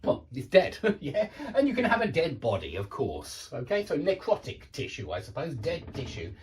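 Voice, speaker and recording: A man teaching English vocabulary in a relaxed, explanatory way, repeating and rephrasing each point with small fillers. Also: on the high side, moderate pace. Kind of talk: casual explanatory vocabulary lesson.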